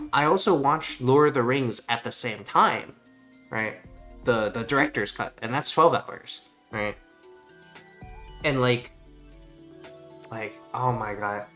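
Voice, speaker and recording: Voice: mid-range voice, fairly bright tone. A streamer chatting casually while gaming, ranting in a rambling, profane way.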